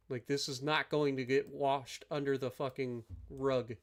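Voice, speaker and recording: A man's voice: medium pitch, level tone, unhurried, hardly any pauses. A man streaming a strategy game live, ranting and swearing at his opponents as he plays. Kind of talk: live gameplay commentary.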